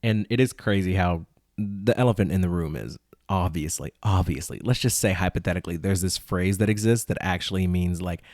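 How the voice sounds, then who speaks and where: Incredulous young man ranting, low voice. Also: fairly quick, a little mellow, no room sound, clean studio sound, faint music behind. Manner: incredulous, ranting, mock voices for imagined people. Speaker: podcast host. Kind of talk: casual commentary reading tweets.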